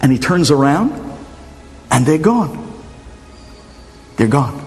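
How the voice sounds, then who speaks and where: A man, a rabbi, telling a story in an animated way with sudden jumps in pitch. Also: unhurried, pauses often, soft background music. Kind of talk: storytelling talk. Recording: long hall reverb.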